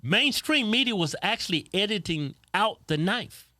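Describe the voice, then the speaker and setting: A man co-hosting a casual political chat show, joking and mocking with loud bursts of laughter. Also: high-pitched, animated, moderate pace, no echo. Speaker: co-host.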